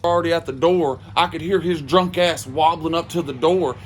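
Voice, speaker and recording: A man telling a comedic story in a casual way, swearing freely and delivering his punchlines flatly. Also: on the high side, normal speed. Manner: profane, animated, deadpan punchlines.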